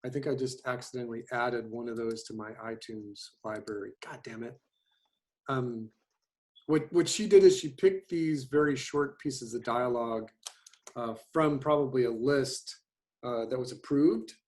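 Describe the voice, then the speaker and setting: Halting middle-aged man on a video call. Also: mid-range voice, darkish tone. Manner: rambling, halting, many fillers. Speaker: animation teacher. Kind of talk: casual chat on a video call.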